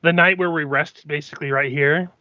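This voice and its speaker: Bright-voiced rambling tabletop player. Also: male voice, fairly high pitch, fairly even intonation, a little fast, no echo. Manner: rambling, filler-heavy describing. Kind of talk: tabletop game play. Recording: dull lo-fi audio.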